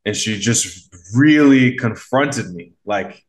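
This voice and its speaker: A man's voice: medium pitch, expressive, takes it slowly. A man guesting on a podcast as a mindset coach, telling a story in a loose, rambling way with lots of fillers and acted-out quotes. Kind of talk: casual conversational storytelling.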